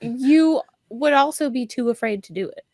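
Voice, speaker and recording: A woman with a slightly high voice chiming in with brief, dry teasing remarks during casual podcast banter. Her lines are short and pointed. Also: lively intonation, normal speed, darkish tone, dry recording. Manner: dry, teasing one-liners. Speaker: podcast co-host. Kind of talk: casual chat.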